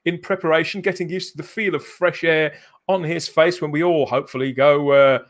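A man's voice: fairly high pitch, steady tone, fairly quick, slight background noise. A man from England hosting a live-streamed chat show in a jokey way, chuckling between phrases. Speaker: host.

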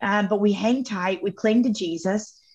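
A woman speaking as a guest on a faith podcast, telling personal stories in an expressive, emphatic way. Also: medium pitch, moderate pace, slightly rough. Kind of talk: faith-based podcast conversation. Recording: slightly dull lo-fi audio.

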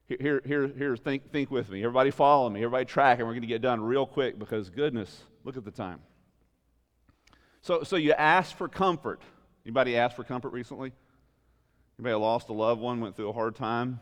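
A male pastor preaching an animated sermon, full of rhetorical questions, swinging between loud emphasis and quiet asides. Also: mid-range voice, normal speed, long pauses, big-room sound.

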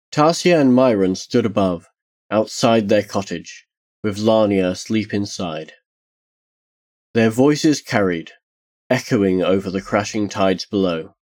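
Slow, low-voiced male storyteller. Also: a little mellow. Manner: measured, solemn storytelling. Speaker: narrator. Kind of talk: scripted narration of a dark fantasy tale.

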